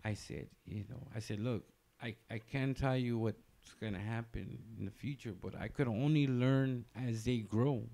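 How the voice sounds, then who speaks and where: A man with a gravelly, creaky voice tells a personal story in casual podcast chat. He rambles loosely, doubling back on himself with plenty of fillers and restarts. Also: medium pitch, normal speed, hardly any pauses, mellow. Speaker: comedian podcast guest telling a story.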